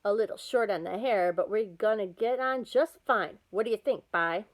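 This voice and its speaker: A woman voicing a loud, bossy old grandmother with a Southern accent, shouting high and sharp-tongued. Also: moderate pace, natural voice, poor audio. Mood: fond.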